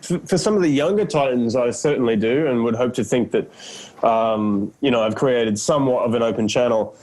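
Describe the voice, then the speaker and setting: A man's voice: mid-range voice, fairly quick, darkish tone, rough recording. An Australian man in his thirties, a guest in a casual interview on a video call, laid-back and self-deprecating, laughing often. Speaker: actor guest.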